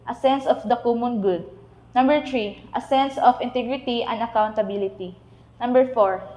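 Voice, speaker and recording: Woman reading a lesson list aloud; slightly high voice, roomy echo. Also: a little mellow. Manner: reads a list item by item, with restarts on hard words. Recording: echoey room.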